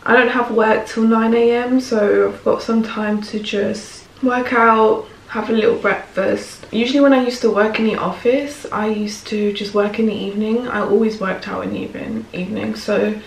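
A woman's voice: medium pitch, fairly even intonation, normal speed, gravelly, few pauses. A young woman, chatting casually to camera for her vlog, full of "like" and "honestly". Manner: chatty, peppers speech with "like" and "honestly". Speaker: vlogger. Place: at home. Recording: echoey room with light background noise.

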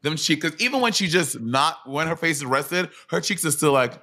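A man co-hosting a casual podcast recap over a video call, excitable and campy. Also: fairly high pitch, normal speed. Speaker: podcast co-host. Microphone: remote video call mic.

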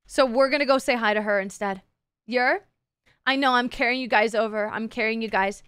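A woman's voice: a little high, a little fast, a bit bright, smooth, no echo. A woman streamer chatting casually with her live chat, playful and teasing, swearing freely. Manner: playful, crude, swears a lot, teases chat.

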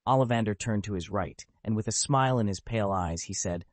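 A man reading a web novel aloud as an audiobook narrator, in steady storytelling. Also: lowish voice, a little fast, hardly any pauses, no room sound. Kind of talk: scripted narration.

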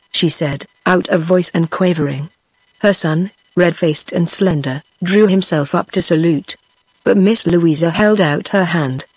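A text-to-speech woman's voice with a British English accent, reading a novel aloud in a steady synthetic tone that stays the same for every character. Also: on the low side, husky, no room sound, poor audio. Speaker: audiobook narrator.

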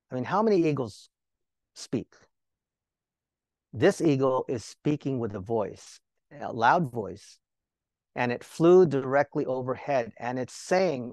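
A man's voice: mid-range voice, lively intonation, a little slow, no room sound. Man teaching a sermon, dry sound. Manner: rhetorical questions to listeners; conversational, joking asides. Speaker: Bible teacher.

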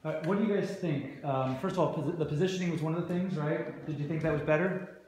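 A drama teacher coaching a rehearsal. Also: male voice, on the high side, quick pace, darkish tone. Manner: encouraging, asks many questions. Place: school rehearsal space. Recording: very echoey room, faint noise.

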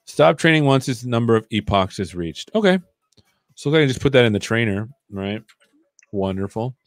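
A man's voice: medium pitch, lively intonation, moderate pace, no echo, studio quality. A man hosting a live coding stream, chatting casually and joking while he thinks aloud.

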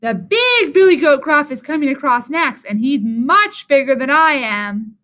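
A middle-sized billy goat, as a woman puts him on in a storybook reading. He is nervous and quick to bargain. His raised, bright voice rushes along. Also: sits high, animated, full character voice. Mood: pleading.

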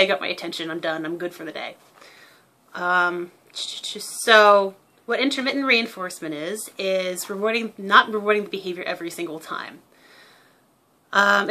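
A woman's voice: mid-range voice, bright, forceful tone. A young woman who owns a parrot, talking casually and explaining bird behavior through everyday examples. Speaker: parrot owner giving behavior tips.

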